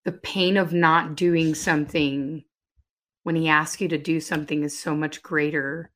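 A middle-aged woman, a guest on a faith interview show, telling her story in an emphatic, animated way with sudden loud bursts. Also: low-pitched, a little slow. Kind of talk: conversational testimony.

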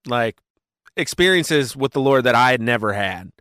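A man being interviewed as a worship pastor, telling his story in a casual, animated way with plenty of fillers and quick asides. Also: mid-range voice, clean tone, dry recording, clean studio sound.

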